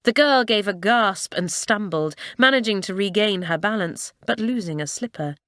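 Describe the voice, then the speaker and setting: Reading a children's school story aloud, a female audiobook narrator keeps a measured, expressive storytelling manner at medium pitch. The sound is clean studio quality with no room sound.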